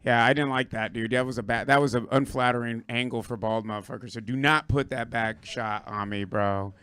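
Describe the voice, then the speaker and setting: A hoarse Puerto Rican-born man doing a rambling, profane stand-up set on a club stage, riffing with the crowd. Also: mid-range voice, fairly even intonation, brisk, a bit bright. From Puerto Rico. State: hoarse, lost his voice. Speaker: stand-up comedian.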